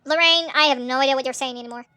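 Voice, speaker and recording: Bright, excitable gaming host woman. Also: high voice, racing, a little hiss or hum. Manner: chatty, excitable reactions with nervous laughs. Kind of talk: let's play commentary.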